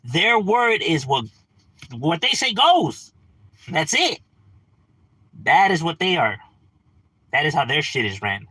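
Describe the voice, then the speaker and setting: Casting: young guy, livestream ranter, blunt and profane, bright husky voice, very lively pitch. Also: slow pace, pauses often, no room sound, low-quality recording. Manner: blunt, profane, rhetorical questions. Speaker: livestream host. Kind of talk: casual ranting on a livestream.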